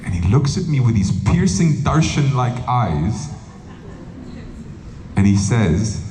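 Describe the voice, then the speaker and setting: A man's voice: mid-range voice, very animated, takes it slowly, mellow, a little hiss or hum. A man who is a monk and spiritual teacher, giving a humorous talk full of anecdotes and acted-out quotes. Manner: humorous storytelling, acting out quotes. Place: live event hall. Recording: roomy echo, faint background ambience.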